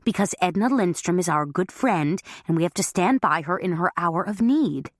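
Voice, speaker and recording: A woman's voice: on the low side, lively intonation, normal speed, dry recording, clean studio sound. A woman voicing a fussy, doting older mother who is easily exasperated, in a storybook reading. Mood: patient. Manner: exasperated, prim.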